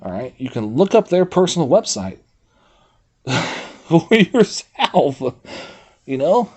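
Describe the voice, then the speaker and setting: His voice is mid-range and slightly rough, delivered at an ordinary pace during a casual livestream. The man rambles, reads a site aloud to his chat, and breaks into animated bursts of swearing.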